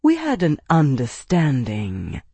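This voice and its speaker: A cold, quiet noblewoman, voiced by a male audiobook narrator, condescending and unhurried. Her husky, dry tone stays level and controlled. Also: fairly high pitch, huge pitch swings, dry recording, exaggerated voice.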